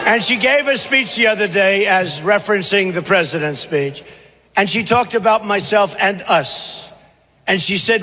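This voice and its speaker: A man's voice: high voice, moderate pace, pushed and bright. A man giving a campaign rally speech as a candidate, boastful and repetitive in punchy bursts. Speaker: political candidate. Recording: reverberant hall, faint background noise.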